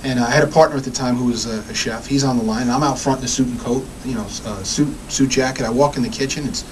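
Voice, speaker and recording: A man from the Bronx, a guest chef telling quick, animated kitchen stories in a radio studio. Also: mid-range voice, far from the mic, slight background noise, low-quality recording. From the Bronx, New York. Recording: voice a bit off-mic.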